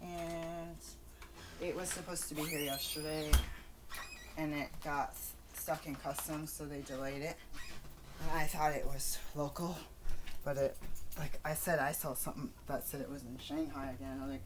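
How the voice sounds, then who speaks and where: A woman's voice: deep voice, fairly even intonation, moderate pace. A woman vlogger talking casually at home, rambling and chatty with fillers. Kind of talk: casual vlog chat. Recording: noisy background ambience.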